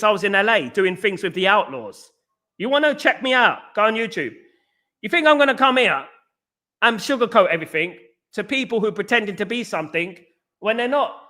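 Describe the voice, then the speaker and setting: A man's voice: sits high, pushed and bright. A middle-aged man hosting a casual live stream, reading viewer comments and answering them bluntly, often repeating himself. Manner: blunt, outspoken, repeats his phrases.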